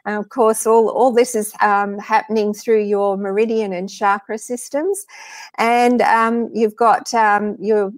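An Australian woman, a guest sound healer, explaining her workshop in a live video chat, pausing often with fillers and restarts. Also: medium pitch, little pitch movement, no echo. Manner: hesitant, many fillers and restarts.

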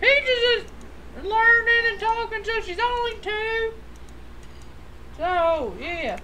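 A woman chatting casually while playing a life-sim game, tossing off quiet asides. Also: very high voice, expressive, slow, a little hiss or hum. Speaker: let's-play co-host. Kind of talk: casual gameplay chat.

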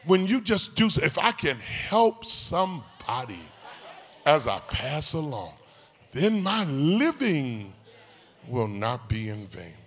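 A man preaching a live sermon as pastor, in an animated, folksy storytelling way, calling out to people in the congregation. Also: medium pitch, unhurried. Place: large church sanctuary. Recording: echoey hall reverb.

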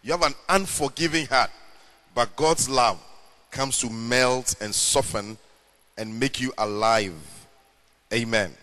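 A middle-aged male pastor delivering a sermon in a slow, measured way, stretching words for emphasis. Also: medium pitch, a bit bright. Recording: long hall reverb.

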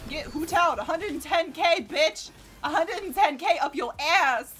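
A woman streaming a game, giving casual, animated commentary and cursing at the enemies. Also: high-pitched, moderate pace. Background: game music and sounds.

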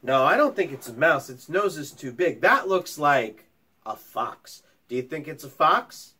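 Brief: male teacher at home, story time for children, animated and up-and-down, a bit high. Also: unhurried, slightly rough. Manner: friendly questions to young pupils.

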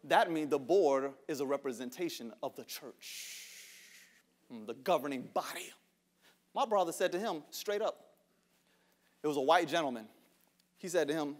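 A male pastor preaching a sermon to a congregation, calling for responses, laughing between lines and rising to shouts in a church sanctuary. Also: a little high, normal speed, pauses often.

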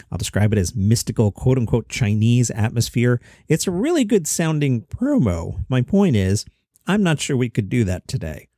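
A man's voice: on the low side, dark tone, no room sound, studio quality. A middle-aged man hosting a comedy news podcast, chatty with jokey asides. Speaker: host.

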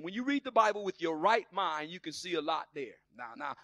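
A man preaching with fire in a high, bright voice that has a gravelly rasp. He swings from soaring near-shouts down to quiet, confiding asides and slips into sassy voices for the doubters. The sound is close and dry. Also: expressive, a little fast, few pauses, dry recording. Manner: plays skeptics in sassy put-on voices. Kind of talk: sermon.

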